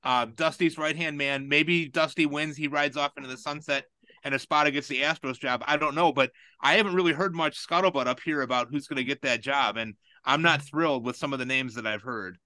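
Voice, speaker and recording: Guy chatting, kinda high bright voice, rambling swear-y stories, dry close sound. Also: a little fast, no echo. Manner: rambling, profane storytelling with rising exasperation. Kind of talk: casual chat.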